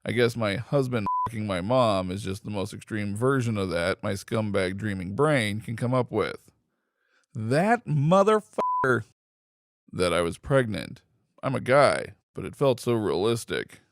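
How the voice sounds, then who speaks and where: A man reading online posts aloud in steady, scripted narration. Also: lowish voice, normal speed, dry recording, clean studio sound. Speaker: story reader.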